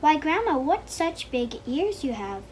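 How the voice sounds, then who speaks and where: A woman's voice: high-pitched, big pitch swings, measured pace, slight background noise. A woman reading a polite, earnest little girl. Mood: wondering.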